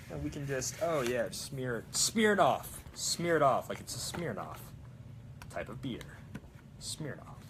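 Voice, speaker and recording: A young man chatting casually while making a prop, rambling and excitable with lots of fillers. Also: mid-range voice, background noise. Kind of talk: casual crafting vlog chat.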